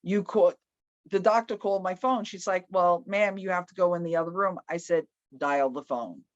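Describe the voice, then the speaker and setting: A woman telling a personal story in a casual, loud and animated way, acting out the people she quotes. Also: fairly low pitch, normal speed, dry recording. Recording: slightly muffled, dry.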